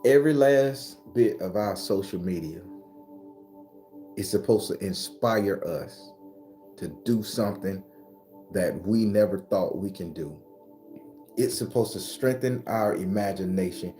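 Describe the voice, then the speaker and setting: A man in his forties giving a casual, profane motivational talk as host of his spiritual channel, often climbing to a high excited pitch. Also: unhurried, long pauses, soft background music. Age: 40s.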